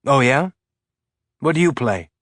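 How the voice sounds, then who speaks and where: A man's voice: medium pitch, expressive, a little slow, fairly bright tone, no room sound, studio quality, voice pushed up. A man voicing a grieving father who holds back tears, forcing a light, cheerful tone through a thick throat. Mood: choked, tender. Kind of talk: audiobook character voice.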